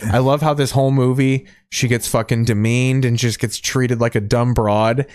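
A man's voice: mid-range voice, steady tone, normal speed, a little mellow, no echo, clean studio sound. A man co-hosting a podcast, riffing in loose, crude banter. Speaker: podcast co-host. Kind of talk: casual profane banter.

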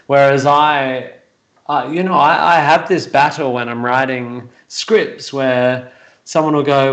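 A man's voice: medium pitch, fairly even intonation, unhurried, fairly bright tone, roomy sound, rough recording. A man on a video call, a guest actor and writer, talking in a rambling, reflective way that turns self-deprecating. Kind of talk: casual chat on a video call.

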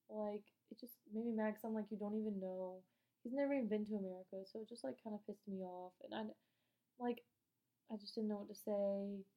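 A woman's voice: medium pitch, highs cut off. A young woman from North Carolina, telling a rambling, swear-filled storytime vlog. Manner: chatty and rambling, swears freely, acts out quotes. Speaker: vlogger.

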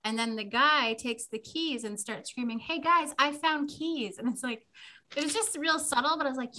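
A woman in casual conversation about a movie, chatty and reflective, getting softer as she muses. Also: sits high, normal speed.

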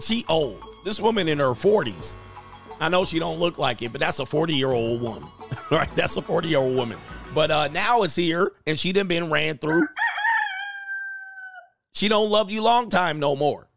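A man's voice: a little high, creaky, fairly bright tone. A man hosting a reaction commentary show, talking in a crude, joking, mocking way.

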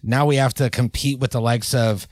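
A man's voice: medium pitch, fairly even intonation, normal speed, a little mellow, no echo. Easygoing man co-hosting a comedy podcast. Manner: playful, hesitant with many fillers. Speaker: podcast co-host. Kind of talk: casual comedic chat.

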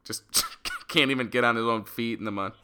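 A man co-hosting a movie podcast in casual, animated, jokey chat. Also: medium pitch, a little fast, background noise. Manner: animated, jokey, swears freely. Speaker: podcast co-host.

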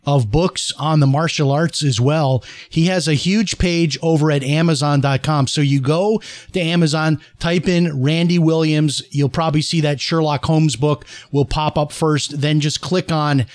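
Host: male, slightly high voice, friendly plugging tone, close dry mic. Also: fairly even intonation, moderate pace, dry recording. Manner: friendly, promotes guest's work. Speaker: talk show host. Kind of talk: radio interview hosting.

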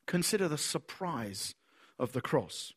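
Speaking at a measured pace, a man with a fairly high, breathy-edged voice preaches a sermon, animating his stories by voicing the people in them.

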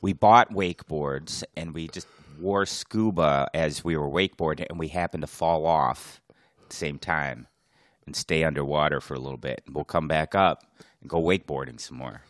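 A man's voice: rumbling low, normal speed, dry recording, clean studio sound. A man co-hosting a podcast in casual chat, cracking jokes and finishing his partner's sentences. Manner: joking, chiming in and finishing sentences. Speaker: podcast co-host.

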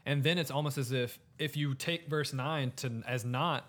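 A man co-hosting a podcast muses aloud over a scripture passage in an easygoing chat. His voice is medium-pitched and fairly bright, moving at a moderate pace, and "like" turns up constantly.

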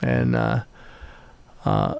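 A middle-aged man from the American South, an author being interviewed, speaking reflectively with many halting restarts. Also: darkish tone. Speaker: author guest. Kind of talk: conversational interview.

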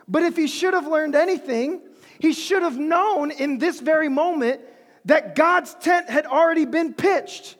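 A preacher giving an animated, humorous, conversational sermon in a large hall. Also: high voice, measured pace.

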